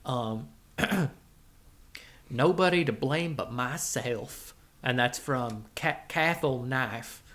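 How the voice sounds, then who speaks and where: A man's voice: medium pitch, slow pace, a bit bright, voice pushed down. A man voicing a goofy drawling cowboy outlaw who hosts a quiz game, rambling and tripping over his own words. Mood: hammy. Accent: put-on cowboy drawl. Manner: rambling, goofy, self-interrupting. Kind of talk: comedic podcast bit.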